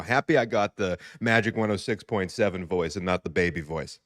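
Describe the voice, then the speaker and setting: A man's voice: sits low, lively intonation, fairly quick, fairly bright tone, no room sound, clean studio sound. A man from Boston, a podcast guest telling stories in an emphatic, casual way. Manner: storytelling, emphatic. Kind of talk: casual chat.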